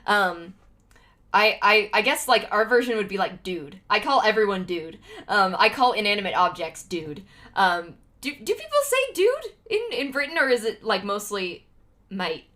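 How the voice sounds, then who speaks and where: Casual american girl on a stream, rambling and chatty, mid pitch. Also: lively intonation, normal speed, bright, forceful tone. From United States. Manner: chatty, rambling, lots of fillers and laughs. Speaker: livestreamer. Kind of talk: casual chat with viewers.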